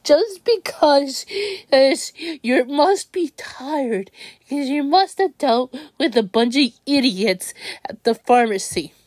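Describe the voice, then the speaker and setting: A young woman vents to camera in a slow, upset, halting way, breaking off and restarting her sentences. Her voice sits high, and the sound is dry and close, with no room around it. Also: lively intonation, a little mellow, dry recording. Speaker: vlogger. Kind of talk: venting monologue.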